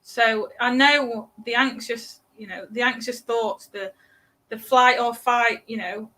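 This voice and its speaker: A British woman in her thirties, a parenting coach chatting as a guest, talking in halting bursts with many restarts. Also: on the high side, steady tone, pushed and bright. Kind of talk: casual podcast interview.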